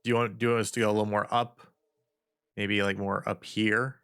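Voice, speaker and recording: A man's voice: fairly low pitch, level tone, brisk, a bit bright, clean tone. A man streaming from home, casually chatting and repeating silly test phrases while adjusting his mic settings. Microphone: studio desk mic. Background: music playing.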